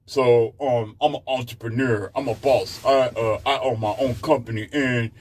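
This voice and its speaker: A man's voice: medium pitch, steady tone, normal speed, darkish tone, close to an everyday voice. A man voicing a brash, boastful businesswoman who swaggers and talks slang.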